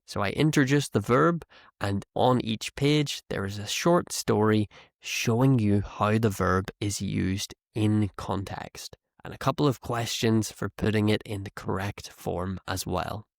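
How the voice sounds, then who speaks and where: A man teaching an English lesson, explaining slowly and patiently, trying out example phrases and correcting himself as he goes. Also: on the low side, gravelly, dry recording, clean studio sound. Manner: slow, explanatory, self-correcting, demonstrates tones.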